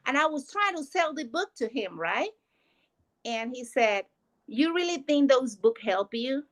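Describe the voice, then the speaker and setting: A woman. Her voice sits fairly high. She tells her story earnestly and emotionally, as a mother talking about work and family. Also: sing-song, a little slow, poor audio. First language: Spanish. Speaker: guest. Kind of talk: personal testimony.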